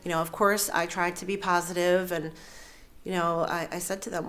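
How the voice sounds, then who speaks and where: A woman in her thirties sharing her personal story in an earnest, halting way, with fillers and soft laughs. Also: lowish voice, level tone, a little hiss or hum. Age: 30s. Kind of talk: candid personal testimony.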